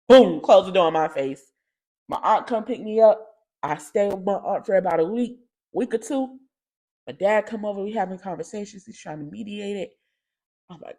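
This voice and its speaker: A young woman hosting a podcast, telling a candid personal story in slangy, animated speech that jumps into loud acted-out quotes. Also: fairly high pitch, moderate pace. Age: young adult. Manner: animated, slangy, swings into loud shouting impressions. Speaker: podcast host.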